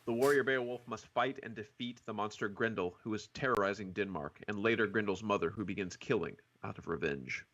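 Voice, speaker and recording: A man leading a casual movie podcast discussion, relaxed and self-deprecating, with hesitant fillers. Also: lowish voice, a little fast, hardly any pauses, dull audio. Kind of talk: casual chat about movies.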